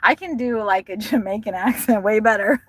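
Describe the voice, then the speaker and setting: Slow-talking middle-aged woman driving. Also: on the high side, slightly rough, no room sound, rough recording. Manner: rambling, chatty, laughs often. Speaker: delivery driver live-streamer. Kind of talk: casual live-stream chat while driving. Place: inside a car on city roads. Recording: loud car and road noise.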